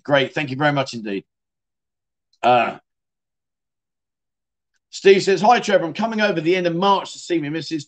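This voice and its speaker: Middle-aged man, casual livestream host, blunt and jokey, slightly raised pitch. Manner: chatty, blunt, swears, jokey, says mate a lot. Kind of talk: casual chat reading viewer comments.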